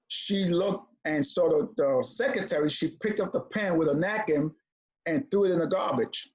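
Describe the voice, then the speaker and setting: A man telling a childhood story in a conversation, animated as he acts out the voices of the people in it. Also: on the high side. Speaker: comedian guest. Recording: dull lo-fi audio.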